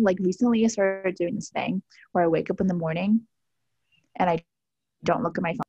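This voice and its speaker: A young woman co-hosts a podcast with a lively, teasing manner. Her voice is a bit breathy. The sound is close and dry, with no room echo. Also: mid-range voice, dull audio. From southern United States, living in Miami. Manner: animated, quick to tease and laugh. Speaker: podcast co-host. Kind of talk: casual chat.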